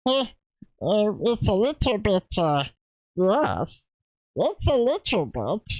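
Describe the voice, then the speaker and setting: A gravelly, throaty little cartoon alien, as a man puts it on, squeezed from the back of the throat. The voice sits a little higher and is slow and halting. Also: sing-song, darkish tone, dry recording, exaggerated voice. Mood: hesitant. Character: small mischievous alien cartoon creature.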